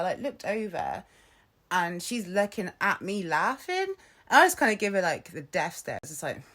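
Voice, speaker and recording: A young woman ranting casually to camera, chatty and quick to swear and laugh. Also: medium pitch, a bit bright. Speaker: vlogger. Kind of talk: casual vlog rant.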